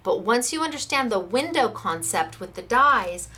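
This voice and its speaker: Chatty, bright-voiced American woman demonstrating crafts. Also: a little high, lively intonation, moderate pace, breathy edge. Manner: chatty and enthusiastic, gushing over products. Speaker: shop owner demonstrating crafts.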